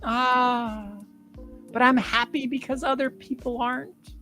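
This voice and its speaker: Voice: high-pitched, flat delivery, unhurried, sharp tone, soft background music, voice pushed up, exaggerated voice. A tabletop game master voicing a smug, drugged villain boss with a waxed mustache, talking in a pompous drawl. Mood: giddy smug. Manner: pompous and drawling, calls others "my dear". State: drugged and giddy.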